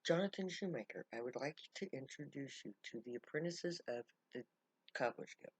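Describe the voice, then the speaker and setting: A woman's voice: a bass voice, expressive, normal speed, husky, dry recording, exaggerated voice, poor audio. A woman doing an earnest formal camp guide.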